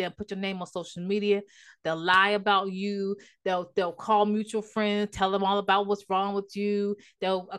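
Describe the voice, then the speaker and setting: A woman's voice: mid-range voice, fairly bright tone. Woman relationship coach talking to her viewers, preachy and emphatic, keeps repeating herself, church talk. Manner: uses church language and prayer. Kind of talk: casual teaching vlog.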